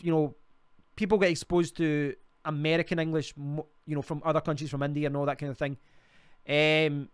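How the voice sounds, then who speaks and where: Scottish streamer, Glasgow accent, rambling host reading comments, clean resonant tone. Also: male voice, on the high side, smooth, no room sound. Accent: Glaswegian Scottish. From Scotland. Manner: rambling, restarts often, chatty. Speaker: livestream host. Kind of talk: casual live stream chat reading comments.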